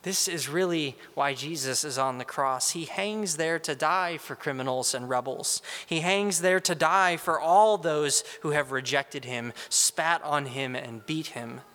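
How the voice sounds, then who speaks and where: Slow earnest man preaching in a hall. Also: a little high, fairly bright tone. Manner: slow, earnest, reflective delivery. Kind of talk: Good Friday meditation.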